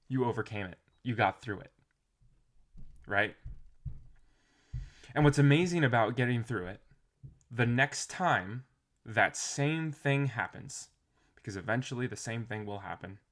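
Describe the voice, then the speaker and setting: A man talking casually to camera in a motivational vlog, reflective and rambling, with restarts and soft trailing phrases. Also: mid-range voice. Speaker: motivational vlogger.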